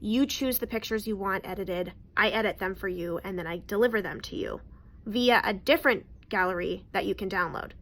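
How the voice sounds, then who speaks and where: A woman's voice: mid-range voice, fairly quick, a bit bright. Emphatic chatty woman photographer. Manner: chatty, emphatic, repeats words for stress. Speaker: newborn photographer. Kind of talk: storytelling to camera.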